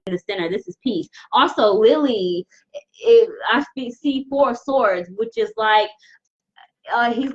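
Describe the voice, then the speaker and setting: Woman, tarot reader, live reading, earnest, halting, repetitive restarts, muffled low-fi sound. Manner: earnest, addresses viewers directly.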